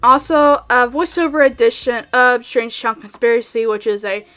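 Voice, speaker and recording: Smooth-voiced young woman, rambling vlog. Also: fairly high pitch, normal speed, a bit bright. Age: young adult. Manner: rambling, filler-heavy, laid-back. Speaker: voice actor. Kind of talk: casual Q&A vlog. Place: home bedroom setup. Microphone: studio mic with pop filter.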